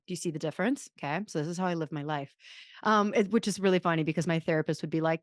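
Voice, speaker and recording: A woman's voice: on the low side, fast talker, no room sound, clean studio sound. A woman in her thirties hosting a podcast, telling stories in a rambling, self-deprecating casual chat. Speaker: podcast host.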